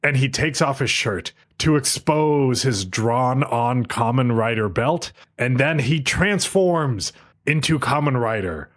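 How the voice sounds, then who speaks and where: A man with an ordinary mid-range voice walks through an anime plot in casual podcast chat. He keeps a deadpan delivery and swears freely as he tells it. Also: mid-range voice, slow. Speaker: podcast co-host.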